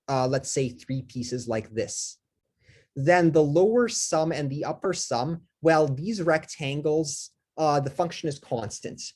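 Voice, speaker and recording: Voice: mid-range voice, a little mellow. A lecturer giving a live math lecture, talking with many fillers, restarts and self-corrections, and asking the class questions.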